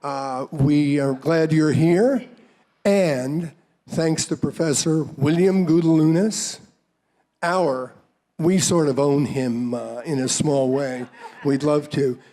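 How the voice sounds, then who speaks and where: A man introduces a speaker at a library event, joking informally with the crowd. His voice is mellow and a little higher than most men's. He talks at a very slow pace. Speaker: program host. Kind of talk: introductory remarks.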